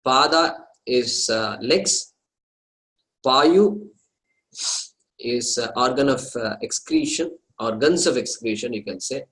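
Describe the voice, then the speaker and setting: A man teaching a scripture study class, explaining terms slowly and repeating them, with some hesitant pauses as he talks to his students. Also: mid-range voice, a bit bright, low-quality recording.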